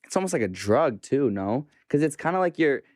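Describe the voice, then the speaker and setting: A man hosting a casual interview who asks halting questions and searches for his words. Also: mid-range voice, sing-song, darkish tone, dry recording, clean studio sound. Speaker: podcast host.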